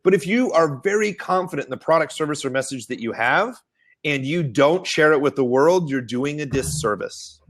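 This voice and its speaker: Animated storytelling man, quick and high. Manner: animated storyteller, acts out quotes in high excited voices. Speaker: marketing webinar host. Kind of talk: casual webinar talk. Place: Austin.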